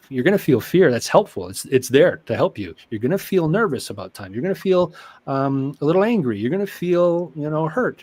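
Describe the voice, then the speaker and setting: A man, a guest therapist, telling stories about clients in an animated way and acting out their voices. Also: medium pitch, breathy edge. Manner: animated, acts out quoted clients with laughs. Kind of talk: conversational storytelling.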